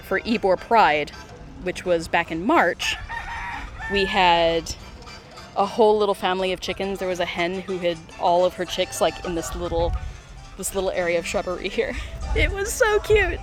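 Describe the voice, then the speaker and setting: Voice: medium pitch, fairly even intonation, normal speed, over music. A streamer chatting casually while playing a mobile game live, walking outdoors through city streets with a phone. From United States. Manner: chatty, giggles often, many fillers.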